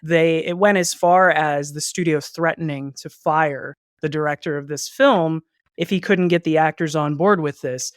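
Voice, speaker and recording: A man's voice: on the high side, moderate pace, clear, resonant tone, no echo. Dry-voiced man rambling on a podcast. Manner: rambling, joking, trails off into asides. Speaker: podcast co-host. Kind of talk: casual chat.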